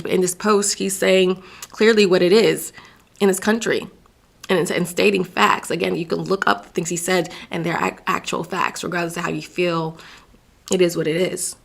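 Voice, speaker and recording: A woman's voice: on the low side, gravelly, a bit bright. A woman from Virginia hosting her own show, giving an emphatic opinion monologue and often stumbling over words and restarting. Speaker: show host.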